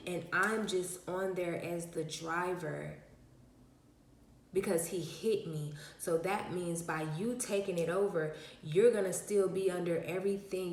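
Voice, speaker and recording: A woman's voice: fairly low pitch, darkish tone, reverberant. A woman vlogger telling a story to her viewers in a casual, emphatic, slangy way, with many fillers.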